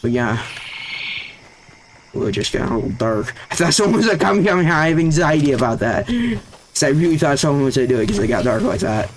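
A young man giving casual, excitable gameplay commentary, jumpy and slangy, with sudden yelps when startled. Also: on the high side, brisk, slight background noise. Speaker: gaming YouTuber. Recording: game music and sound effects behind voice. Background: loud game music.

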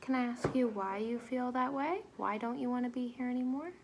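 Calm, patient young woman. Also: a little high, brisk, a little hiss or hum. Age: young adult. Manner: calm, gentle, patient questioning. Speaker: narrator and group home worker. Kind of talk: student role-play scene.

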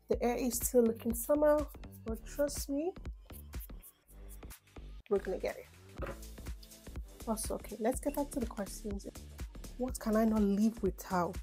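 Chatty Nigerian young woman vlogging. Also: mid-range voice. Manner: chatty, rambling, animated asides. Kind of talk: casual get-to-know-me chat.

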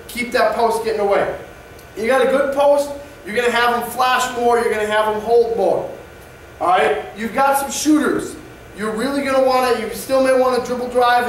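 A man's voice: very high voice, a little hiss or hum. A male basketball coach explaining offense plays in an instructional presentation, often checking in with "all right?". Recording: echoey distant room mic.

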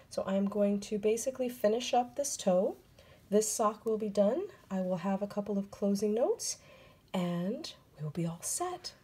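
A woman's voice: medium pitch, darkish tone, slightly rough. Chatty woman teaching knitting. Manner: chatty, apologetic, laughs often. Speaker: knitting tutorial host. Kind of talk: casual knitting tutorial.

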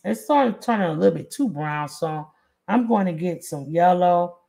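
A woman's voice: on the low side, lively intonation, moderate pace, vocal fry, mellow. A woman hosting an art stream, chatting casually with viewers as she paints. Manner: chatty, drawling, talks to viewers while painting.

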